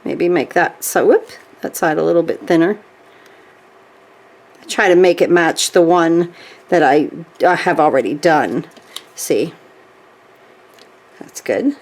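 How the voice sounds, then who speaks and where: A woman with a slightly low voice walks through a stitching craft at her table. She talks in a chatty, easygoing way and keeps checking in with the viewer as she goes. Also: takes it slowly, long pauses, darkish tone. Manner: chatty, frequent "okay?" check-ins. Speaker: craft tutorial host. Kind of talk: hands-on craft demonstration.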